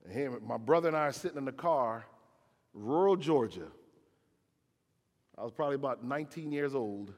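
A man's voice: mid-range voice, quick pace, few pauses. Preaching man with dramatic swings, churchy reverb. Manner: dramatic storytelling with big swings in loudness. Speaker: pastor. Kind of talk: sermon. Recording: long hall reverb.

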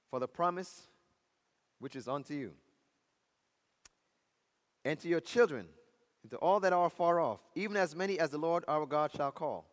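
Impassioned preacher man, high voice. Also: animated, moderate pace, long pauses, in a large hall. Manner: impassioned preaching, swinging from loud highs to near-whispers. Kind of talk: sermon.

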